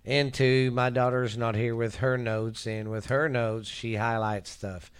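A man's voice: mid-range voice, little pitch movement, a little slow, clean tone. A middle-aged man co-hosting a ghost story podcast, joking around in crude, playful casual chat. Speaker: podcast co-host.

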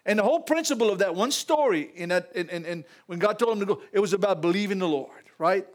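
A male pastor's high-pitched voice moves fast as he preaches in a church. His accent is Louisiana Southern, and he enlivens the sermon with animated call-outs and laughing asides aimed at the congregation.

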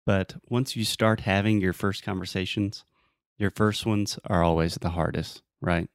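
A man's voice: sits low, fairly even intonation, moderate pace, no room sound, studio quality. A young American man with a Southern accent, hosting a casual chat and giving step-by-step advice. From United States. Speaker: host.

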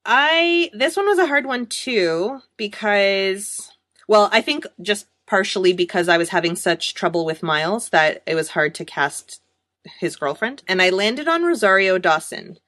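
A woman co-hosting a podcast, chatting casually with a bright, forward tone. She is playful and laughs often. The sound is dry and close. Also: mid-range voice, lively intonation, measured pace, no echo. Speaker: podcast co-host. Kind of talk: casual chat.

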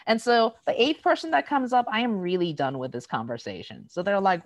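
A woman's voice: lowish voice, brisk, hardly any pauses, no room sound. A woman guest in an interview, explaining ideas casually and acting out everyday exchanges, with frequent "um"s and "right?"s. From United States. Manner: animated storytelling, acting out quoted exchanges. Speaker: interview guest, diversity educator. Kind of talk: conversational explanation.

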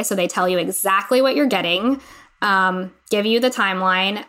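Excitable woman gushing on a podcast. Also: mid-range voice, normal speed. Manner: excited, gushing, reads text aloud. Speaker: podcast co-host. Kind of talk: casual podcast chat.

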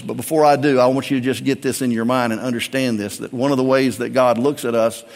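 A middle-aged man, a pastor, preaching a sermon with emphatic swings between raised and hushed delivery. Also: medium pitch, in a large hall.

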